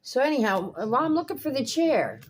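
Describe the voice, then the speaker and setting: A woman's voice: sits high, sing-song, a little fast. An older woman vlogging casually from her home kitchen, blunt and swearing freely as she rants in exasperation. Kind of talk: casual vlog chat. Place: home kitchen by pool windows.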